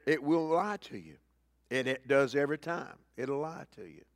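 A man preaching a sermon as pastor, swinging between loud emphatic lines and quiet low asides and repeating key phrases. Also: animated, moderate pace, no room sound.

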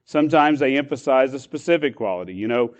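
A man's voice: mid-range voice, animated, fast. A man preaching as a pastor, explaining a passage with frequent restarts and repeated words. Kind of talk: sermon.

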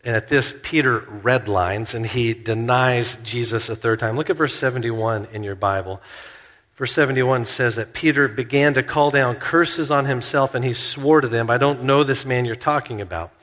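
A man preaching a sermon in a church, earnest and slowing down to stress key points. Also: medium pitch, a bit bright, in a large hall. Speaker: pastor.

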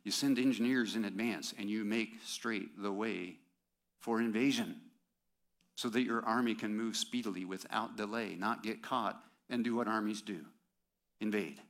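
Male pastor, lowish voice, chatty sermon delivery with rhetorical questions and asides to the congregation. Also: moderate pace.

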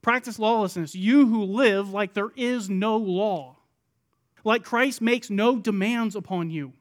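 A man with a high voice delivers a sermon. He acts out the people in his text with loud pleading, then drops to quiet, low asides. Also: unhurried. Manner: dramatic, voicing the people in the parable. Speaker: pastor.

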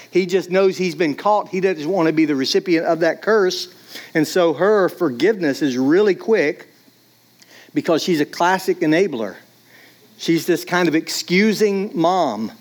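High-voiced man preaching casually. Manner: casual, conversational, many "like"s, acts out voices. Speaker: pastor. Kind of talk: sermon.

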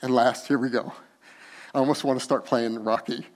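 A man preaching a sermon as pastor, moving from hushed, slow tender passages to loud, laughing, emphatic bursts. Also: mid-range voice, fairly even intonation.

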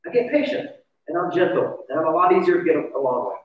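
A man's voice: a little high, very animated, fast. A pastor giving a sermon in a conversational, confessional way, often asking his listeners questions. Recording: distant, echoey, dull church recording.

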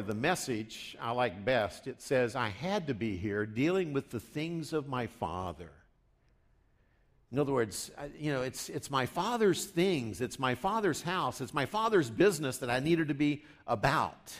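A man preaching a sermon in a conversational way, rising for emphasis and dropping low for asides. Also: animated, measured pace. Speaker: pastor.

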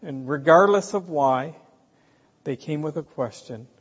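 Slow emphatic preacher in a reverberant hall. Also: male voice, fairly high pitch, breathy edge. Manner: slow, emphatic, rhetorical questions. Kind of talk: sermon. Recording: dull, hall reverb, from a distance.

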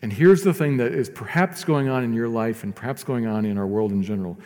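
A male pastor with a mid-range voice preaches a sermon in a conversational, fairly quick way, moving between quiet asides and loud, emphatic stretches. The audio has a long reverb tail.

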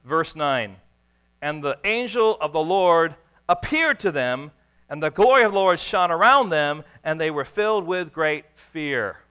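A man preaching in a bright, forceful voice that sits a little high for a man. He tells his stories dramatically, dropping to a hush and then bursting into a shout. A faint mains hum runs underneath. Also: animated, a little slow, clear, resonant tone. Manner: dramatic storytelling, swings from hushed to shouting. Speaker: pastor. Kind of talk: sermon.

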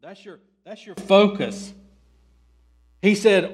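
A male pastor preaching an expository sermon, reading scripture aloud and questioning his listeners, swinging from quiet asides to loud, emphatic pleading. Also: fairly high pitch, a little slow.

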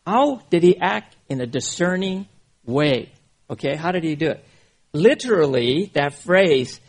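Gravelly, husky-voiced male preacher. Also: a little high. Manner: informal, keeps checking in with the listeners. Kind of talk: conversational sermon on scripture.

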